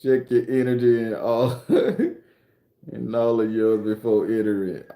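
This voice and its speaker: A man's voice: medium pitch, slow, warm tone. Profane, joking man in an echoey room. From Florida. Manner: profane, loose and joking, with slang. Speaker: host and spooky storyteller. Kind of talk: casual livestream chat.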